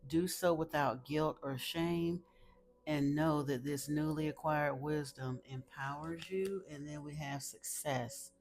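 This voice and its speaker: A woman's voice: deep voice, takes it slowly, a little mellow. A woman giving an emphatic spiritual tarot reading to her viewers, repeating phrases for stress. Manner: emphatic, repeats phrases, gets teary, talks to viewers as y'all. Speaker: tarot reader.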